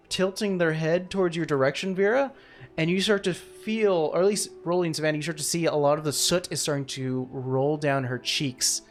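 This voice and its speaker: A man narrating as game master in a tabletop game, rambling with many fillers. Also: on the high side.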